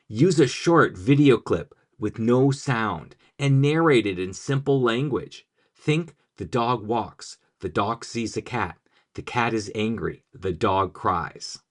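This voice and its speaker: A man giving a scripted, upbeat explainer on language teaching, with a punchy, jokey delivery. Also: mid-range voice.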